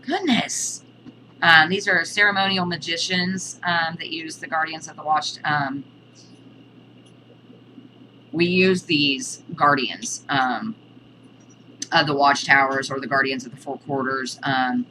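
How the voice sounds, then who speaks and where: A woman's voice: low voice, fairly even intonation, measured pace, long pauses, bright, forceful tone, a little hiss or hum, low-quality recording. A woman giving a casual spoken lesson on witchcraft, hesitant, with many ums and restarts. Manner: chatty, breaks off to scold her cat. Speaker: witchcraft teacher.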